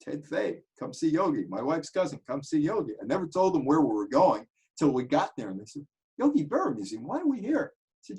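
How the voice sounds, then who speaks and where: A man telling anecdotes, animated and switching voices for quotes. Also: on the high side, fairly quick, low-quality recording. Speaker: commentator telling stories. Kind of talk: casual storytelling monologue.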